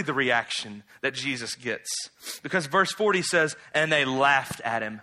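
Guy preaching a sermon, bright forceful voice, chatty and animated, gets loud and high when he's worked up. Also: unhurried, few pauses. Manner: conversational preaching, acts out bible characters with slangy asides. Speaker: pastor.

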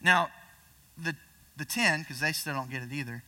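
A young man preaching a sermon in a conversational way, reading scripture and acting out quick voices of people in the story. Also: a little high, bright, forceful tone, recorded from a distance. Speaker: pastor.

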